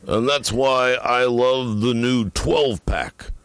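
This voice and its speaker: A man voicing a grandiose male pitchman in a mock soda ad, addressing the listener in a slow, drawn-out, preacher-like way. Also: a bit bright, slight background noise. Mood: pompous.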